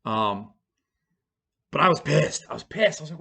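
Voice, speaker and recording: A man's voice: a little high, lively intonation, normal speed, gravelly, sharp tone, slightly rough. A man at home telling a personal story to his camera in a rambling, profane, casual way, full of fillers and restarts.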